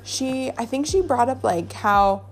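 A woman's voice: a little high, lively intonation, a little slow, faint music behind. A young woman hosting a podcast, chatting casually and gossiping bluntly, swearing freely and saying "like" a lot. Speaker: podcast host. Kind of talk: casual chat.

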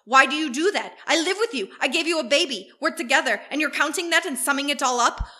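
A woman reads a defensive, pleading young girlfriend in a comedy podcast re-enactment. Her voice is high and bright, and she argues back in earnest. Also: expressive, fast talker.

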